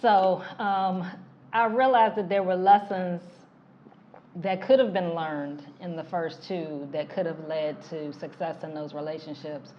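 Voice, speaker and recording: A middle-aged woman, a relationship coach, co-hosting a casual couple's talk show in a measured, reflective way. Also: fairly low pitch, steady tone, dull audio, slight background noise. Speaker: relationship coach and podcast co-host.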